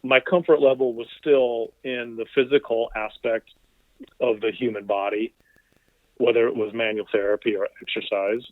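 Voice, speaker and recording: A man on a dry, narrow phone line, speaking at an ordinary middle pitch. He is a physical therapist guest telling animated stories and quoting the people in them. The line sounds thin and tinny, with no room around his voice. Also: normal speed, no echo. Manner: animated anecdotal storyteller, quotes people in voices. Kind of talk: conversational interview storytelling.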